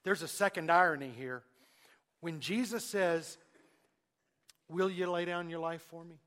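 A man preaching a sermon, swinging between loud emphasis and hushed asides, and acting out the quoted speech of Jesus and Peter. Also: on the high side, a little slow.

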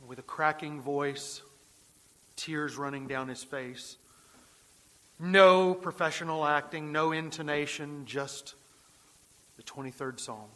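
A man's voice: fairly high pitch, slow, long pauses, pushed and bright. A male pastor preaching a sermon, telling a story earnestly and often repeating words as he builds his point.

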